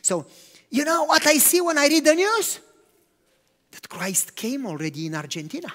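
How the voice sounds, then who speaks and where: A man preaching a sermon, animated, swinging between loud emphatic lines and hushed, quiet ones. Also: very high-pitched, moderate pace. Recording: long hall reverb.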